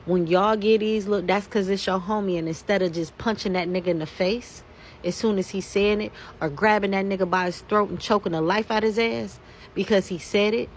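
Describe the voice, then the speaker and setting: A woman's voice: medium pitch, slight background noise. A woman, delivering an angry, profane rant to her followers. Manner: heated, profane, emphatic. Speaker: social media commentator. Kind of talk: angry ranting monologue.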